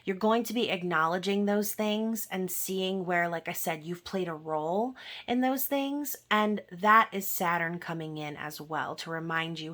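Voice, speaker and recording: A woman's voice: on the low side, moderate pace, a bit bright. A woman giving a casual tarot reading who talks to her viewers directly and often ends a point with "okay?". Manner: conversational, often adds "okay?" at the end of a point. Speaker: tarot reader.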